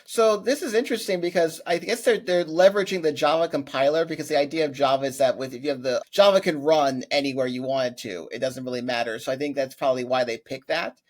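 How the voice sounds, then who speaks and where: A man hosting a casual interview, curious, adding quick reactions and his own coding experience. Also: fairly high pitch. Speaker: podcast host, coding bootcamp teacher.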